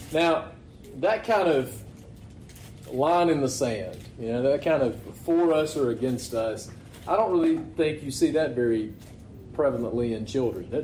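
A pastor preaching a conversational sermon, often asking the congregation rhetorical questions. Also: male voice, mid-range voice, animated, a little slow, long pauses, darkish tone, roomy sound, a little hiss or hum, poor audio.

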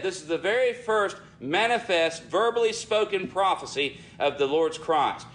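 A man preaching a sermon in an earnest way, often calling his listeners friends and dropping his voice low for emphasis. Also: lively intonation, moderate pace, hardly any pauses, a bit bright.

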